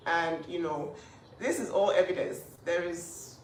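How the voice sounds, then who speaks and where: A woman's voice: fairly low pitch, a little slow. An emphatic, indignant woman from Nigeria defends her younger sister's name. Her voice sits a little away from the mic in a roomy, echoing space. A faint hiss runs underneath. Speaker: older sister speaking out. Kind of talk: emotional on-camera statement. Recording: echoey room, voice at a distance, faint hiss.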